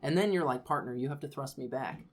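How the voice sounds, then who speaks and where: A man's voice: mid-range voice, fast. A man co-hosting a casual chat, telling anecdotes in a laid-back way with dry humor. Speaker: podcast co-host.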